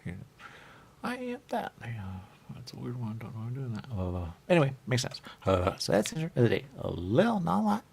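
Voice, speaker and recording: A man's voice: medium pitch, huge pitch swings, a little fast, gravelly, a little mellow, slightly rough. A man hosting a talk show, rambling playfully with sing-song repetitions and riffs. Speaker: radio show host.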